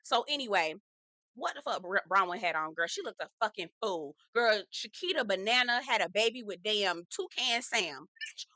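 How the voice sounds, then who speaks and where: Sassy woman with a bright, dry voice. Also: mid-range voice, moderate pace, no echo. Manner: sassy, animated, says "girl" often. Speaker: reality TV recap host. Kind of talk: casual recap commentary.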